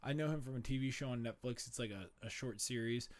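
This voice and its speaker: A man's voice: medium pitch, quick pace, no room sound. A man in his twenties in a casual podcast chat, rambling laid-back with lots of "like" and "dude". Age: 20s.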